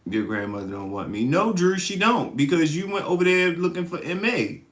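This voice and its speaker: A man's voice: fairly high pitch, animated, normal speed, a bit bright. A man hosting a casual livestream, answering viewer comments, laughing often and teasing the commenters playfully. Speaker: livestream host.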